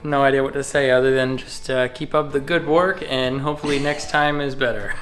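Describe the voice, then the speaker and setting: A man's voice: mid-range voice, fairly even intonation, fairly quick, echoey room, loud music behind the voice. An American man co-hosting a casual livestream, laid-back and joking, a little awkward on camera. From United States. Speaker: livestream co-host.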